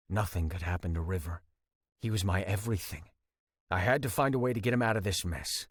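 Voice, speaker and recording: A man's voice: deep voice, a little fast, no room sound, studio quality. A man narrating a romance audiobook in first person, tense and intense.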